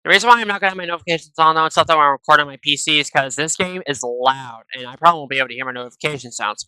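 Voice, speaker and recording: A man's voice: on the high side, rapid-fire, pushed and bright, clean tone, no room sound, low-quality recording. A man giving casual, rambling gameplay commentary into a headset, tacking "though" and "and stuff" onto nearly every phrase. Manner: chatty, rambling asides to viewers. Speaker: gaming video creator. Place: at home, recording at a PC. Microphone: gaming headset.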